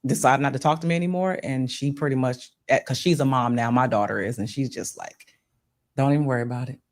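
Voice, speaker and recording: A woman's voice: rumbling low, brisk. A woman from Pennsylvania hosting a casual podcast chat, talking to her audience in a folksy way and calling them y'all. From Pennsylvania, USA. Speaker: podcast host.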